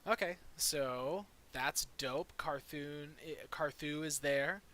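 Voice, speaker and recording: A man's voice: a little high, slow, sharp tone. A young man running a tabletop game as dungeon master, narrating in a laid-back way with many fillers.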